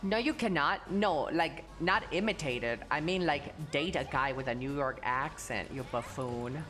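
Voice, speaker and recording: A woman's voice: low voice, measured pace, a bit bright, faint music behind. A young adult woman streaming live, chatting casually and answering chat bluntly, with frequent swearing. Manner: blunt and profane, reading chat aloud and answering.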